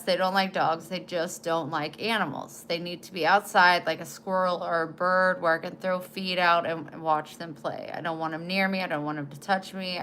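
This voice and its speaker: Emotional woman in her forties, lowish voice. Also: a bit bright, slight background noise. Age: 40s. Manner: emotional, halting, trails off and restarts. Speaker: vlogger. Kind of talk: casual chat to camera.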